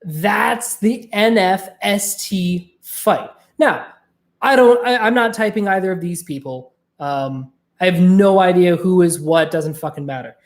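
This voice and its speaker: A woman's voice: lowish voice, a little slow. Chatty, profane woman podcaster. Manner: chatty and profane, with frequent fillers. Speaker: podcast host. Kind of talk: casual podcast monologue.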